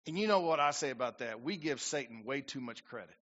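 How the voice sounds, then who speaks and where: A man's voice: a little high, lively intonation, rapid-fire, few pauses, bright, forceful tone. A man preaching a sermon as pastor, building to emphatic bursts and acting out quoted prayers. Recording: dull lo-fi church recording.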